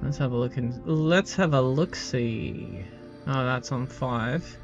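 A man's voice: mid-range voice, takes it slowly, dull audio, music in the background. A male game streamer giving casual, rambling commentary with stammered restarts and swearing.

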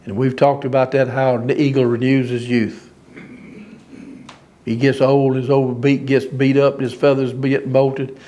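A man's voice: mid-range voice, little pitch movement, unhurried, mellow. A man preaching an informal sermon, folksy and emphatic, often laughing at his own lines.

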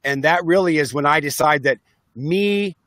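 A man's voice: fairly high pitch, moderate pace, a bit bright, no room sound. A man guest in an interview, talking in an upbeat, enthusiastic way over a video call. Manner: enthusiastic, upbeat, acts out voices. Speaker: interview guest, self-help speaker and musician. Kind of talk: casual interview talk.

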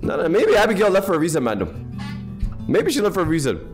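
A man of Ethiopian background giving casual gaming commentary in animated, excitable, slangy banter, tired and half awake. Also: on the high side, fast. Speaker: game streamer. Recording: voice over game audio and faint music.

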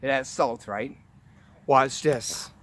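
A man hosting a magic tutorial, explaining tricks in a chatty, halting way with many restarts and upbeat reveals. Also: mid-range voice, fairly bright tone. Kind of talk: casual how-to demonstration.

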